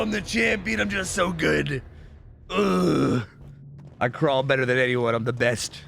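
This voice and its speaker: A young man streaming a game, chatting casually with his viewers, swearing freely and trailing into quick asides. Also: on the high side, sharp tone. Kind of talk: casual gaming commentary.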